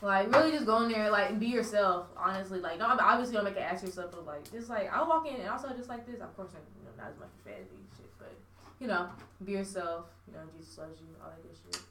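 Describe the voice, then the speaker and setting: A woman's voice: mid-range voice, animated, fast, noisy background. A young woman on a casual panel discussion, speaking frankly and with animation, swearing freely. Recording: echoey room, mic far off.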